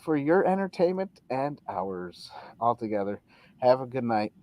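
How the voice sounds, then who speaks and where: A man's voice: medium pitch, sing-song, a little slow, a little mellow, no room sound. A man hosting a podcast in casual chat, playful and joking. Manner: joking, playful, does silly voices. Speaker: podcast host.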